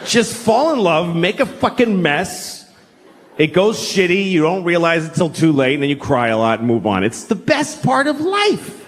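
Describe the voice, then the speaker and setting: A middle-aged man from New York doing a stand-up comedy set, telling stories with sudden high-pitched acted outbursts. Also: sing-song, moderate pace. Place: comedy stage before a laughing audience.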